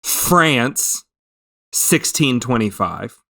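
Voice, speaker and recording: A man's voice: mid-range voice, animated, drawn-out words, creaky, bright, forceful tone. A man co-hosting a film review podcast, chatting casually and hesitantly as he works through his opinions. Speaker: podcast co-host.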